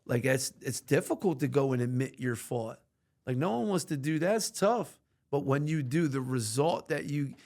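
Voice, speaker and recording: On a podcast, a male guest with a medium-pitched voice speaks candidly about his recovery. He's earnest and animated, using casual slang and cussing freely.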